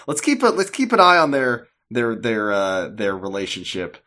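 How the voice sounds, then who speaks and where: A man's voice: lowish voice, huge pitch swings, normal speed, sharp tone. Guy cohosting a podcast, rambly and jokey, goes off on tangents. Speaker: podcast co-host. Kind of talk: casual chat recapping an episode.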